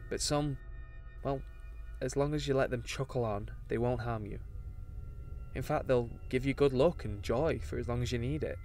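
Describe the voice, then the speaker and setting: Man, scripted horror narration, measured, mid-pitched voice. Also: soft background music.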